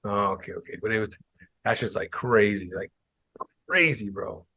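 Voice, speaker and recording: A young man hosting a podcast in casual chat, telling stories with lively imitations of people. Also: normal speed, gravelly, slightly rough, no room sound. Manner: animated storytelling, mimics people in higher voices. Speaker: podcast host.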